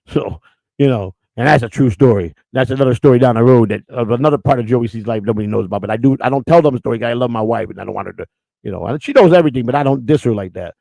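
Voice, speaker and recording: A man's voice: medium pitch, quick pace, gravelly, mellow, no room sound, rough recording. A middle-aged man hosting a podcast, loosely joking and teasing people in his chat room by name in crude banter. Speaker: podcast host.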